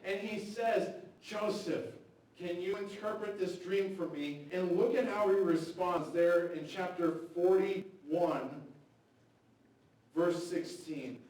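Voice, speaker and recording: Casual preacher in an echoey church. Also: male voice, high-pitched, takes it slowly, a little mellow. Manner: casual, conversational preaching with acted-out quotes. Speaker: pastor. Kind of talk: sermon. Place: church sanctuary. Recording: very echoey hall, mic far off.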